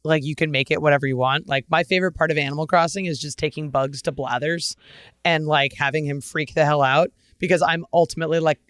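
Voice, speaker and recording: A man's voice: fairly high pitch, steady tone, fast, fairly bright tone, clear, resonant tone, dry recording, studio quality. A man hosting a podcast, upbeat and enthusiastic in casual chat. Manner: upbeat, enthusiastic, laughs easily. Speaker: podcast host.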